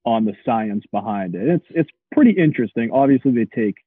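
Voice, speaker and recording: A man co-hosting a casual chat, relaxed and dryly teasing. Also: mid-range voice, fairly quick, slightly rough, no echo. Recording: tinny phone-like dry sound.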